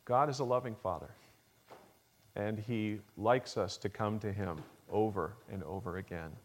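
A man preaching a Sunday morning sermon as pastor, earnest, rising to emphatic peaks and then dropping low and soft. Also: a little slow. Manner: acts out a child's pleading voice in a story.

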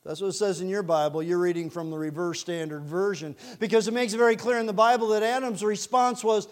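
A male pastor preaching a sermon, lively and animated, asking the congregation direct questions. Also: high voice, quick pace, hardly any pauses. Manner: animated, acts out scripture quotes in character voices.

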